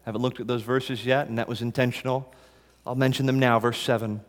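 A man preaching a sermon as pastor, dropping soft and slow, then rising loud in appeals. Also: medium pitch, level tone, big-room sound.

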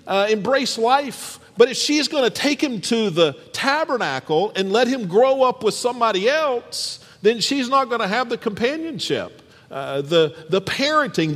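A male pastor preaches in a fairly high voice that rises and falls widely. He reads scripture and addresses the congregation directly with animated energy. A long reverb from the church hall trails each phrase. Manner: animated, speaks straight to the congregation. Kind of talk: sermon with scripture reading.

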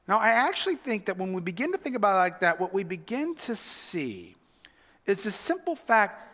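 High, lively preacher in a reverberant hall. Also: male voice, moderate pace. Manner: earnest, swings between loud emphasis and hushed whispers. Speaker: pastor. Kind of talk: sermon.

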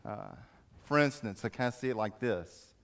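A man preaching to a church, telling an everyday story with animated bits where he acts out yelling crowds. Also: on the low side, moderate pace, clean tone. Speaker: speaker in a church service. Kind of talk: sermon with storytelling.

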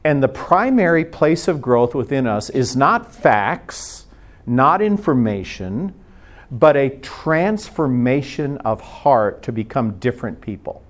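A middle-aged man delivers a sermon in a relaxed, conversational way. He tells stories and throws in casual asides, speeding up in quick bursts. His voice sits at an ordinary, middle pitch for a man. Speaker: preacher.

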